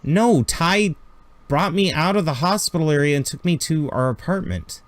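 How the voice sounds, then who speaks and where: A man voicing a frantic young woman on the run, urgent and loud, in a tabletop game. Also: animated, normal speed, dry recording, natural voice. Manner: urgent, raised and higher.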